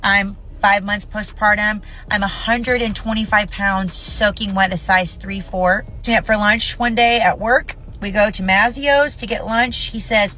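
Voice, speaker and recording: A woman in her thirties speaks straight to camera in an indignant, emotional rant. She is blunt and swears freely, and her voice sits at an ordinary middle pitch. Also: fairly even intonation, unhurried, few pauses, pushed and bright. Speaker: mother sharing her story.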